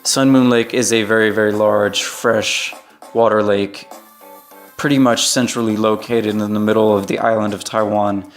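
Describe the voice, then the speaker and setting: A man's voice: lowish voice, fairly even intonation, moderate pace, faint music behind. An American man giving casual travel recommendations in a loose, conversational way, often checking in with "right?". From United States. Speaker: vlogger.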